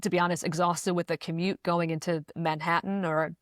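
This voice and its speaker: A woman from New Jersey chats on a podcast in a slightly low voice. Her delivery has a smooth, news-anchor polish, broken up by easy laughter. The sound is dry and close, with no room around it. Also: level tone, brisk, no echo. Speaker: podcast co-host, video producer. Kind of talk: casual podcast chat.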